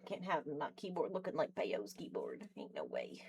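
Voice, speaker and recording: A young woman chatting casually on a live stream from her bedroom, excitable, swearing and trailing off mid-sentence. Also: low voice, moderate pace, slightly rough. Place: home bedroom.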